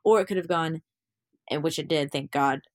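Low-voiced young woman, chatty and candid. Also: moderate pace, dry recording, clean studio sound. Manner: chatty, full of fillers, acts out quotes. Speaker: actor and musician, guest. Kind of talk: casual interview chat.

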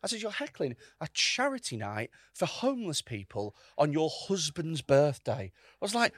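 A man, pitched a little high, tells a story with big swings in his voice. He swears freely and acts out every line of the quarrel. The sound is dry and close. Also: moderate pace, no room sound. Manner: animated, swears often, acts out quotes. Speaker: podcast host. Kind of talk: casual storytelling chat.

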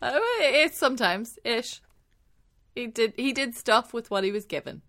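A woman's voice: fairly high pitch, unhurried, a bit bright. A woman co-hosting a movie podcast in casual chat, rambling and emphatic. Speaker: podcast co-host.

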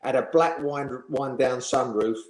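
With a little hiss or hum on the track, a former pro footballer answers interview questions in a measured, medium-pitched, darkish voice. He's a chatty storyteller who laughs while sharing his amused anecdotes, recorded in a room with noticeable echo.

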